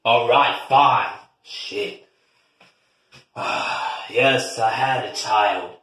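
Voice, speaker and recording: A man's voice: medium pitch, extremely slow, sharp tone, recorded from a distance. A man playing a defensive, foul-mouthed father in a comedy skit. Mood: sheepish. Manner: profane, defensive. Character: sheepish foul-mouthed middle-aged father. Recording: echoey room.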